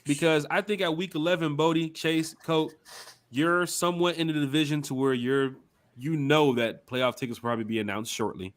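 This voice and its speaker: Animated man hosting a sports podcast. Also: on the high side, moderate pace. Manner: animated, hype-building, runs the schedule rundown. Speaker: podcast host. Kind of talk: casual sports podcast chat.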